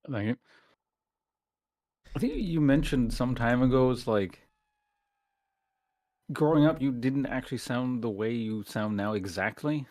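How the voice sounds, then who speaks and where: A man with a Canadian accent, explaining things in a measured, thoughtful way in casual conversation. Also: mid-range voice, a little mellow.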